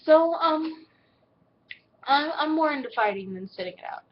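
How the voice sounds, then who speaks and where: A woman's voice: sits high, lively intonation, normal speed, dull audio. A seventeen-year-old girl, answering viewer questions in a casual vlog, blunt and swearing freely, acting out what people say in little put-on voices. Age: teens.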